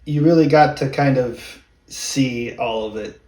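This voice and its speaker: A man's voice: medium pitch, a little slow, darkish tone. A man co-hosting a casual movie review, giving blunt, firm opinions. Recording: roomy room sound.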